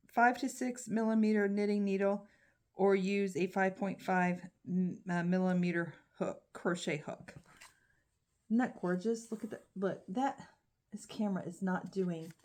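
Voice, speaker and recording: A woman's voice: mid-range voice, a little mellow. A woman chatting casually to her phone camera at home as she unboxes yarn, with frequent ums and restarts. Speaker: crochet vlogger.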